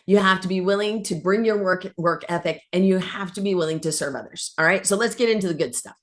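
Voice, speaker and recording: A woman's voice: on the low side, quick pace. Woman, sales coach, upbeat, persuasive, folksy. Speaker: sales coach on a recruitment call. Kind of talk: sales pitch.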